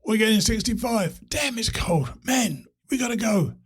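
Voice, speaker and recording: A man voicing an anxious young male hiker who shouts to be heard over a breaking phone line. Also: high voice, expressive, normal speed, breathy edge, voice pushed up, exaggerated voice. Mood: anxious shouting.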